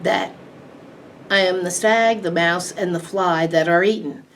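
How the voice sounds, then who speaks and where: A woman voicing an ancient towering tree monster with a booming, declaiming voice, recorded from a distant mic. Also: lively intonation, takes it slowly. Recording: distant mic, faint background hiss.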